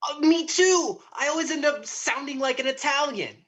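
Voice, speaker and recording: A woman playing a kind, cheerful young nephew who speaks warmly to his uncle, in a stage play. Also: sits high, moderate pace. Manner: warm, surprised, cheerful.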